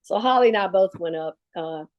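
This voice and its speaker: A woman's voice: fairly low pitch, brisk, dull audio. A woman, a longtime assistant telling a story in an interview, acting out the dialogue and laughing as she goes. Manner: animated retelling with quoted dialogue and laughs.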